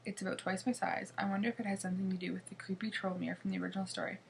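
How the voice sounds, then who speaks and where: A woman's voice: medium pitch, level tone, very fast, creaky, a little hiss or hum. A woman reading a children's chapter book aloud in a chatty way, with small slips and restarts. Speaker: reader.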